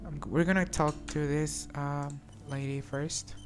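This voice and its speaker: Low-voiced woman streaming a game. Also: fairly even intonation, unhurried. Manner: chatty, hesitant, many restarts. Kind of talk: casual gameplay commentary.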